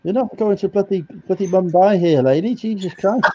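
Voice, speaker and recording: A man's voice: sits high, normal speed, heavy background noise. Cheeky man on a call. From North Wales. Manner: cheeky, teasing. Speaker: guest. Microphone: video call. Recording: dull lo-fi call audio.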